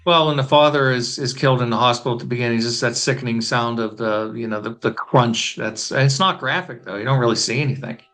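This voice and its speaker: A man's voice: mid-range voice, steady tone, fast, hardly any pauses, fairly bright tone. A man speaking as a guest critic in a casual conversation, giving blunt, frank opinions.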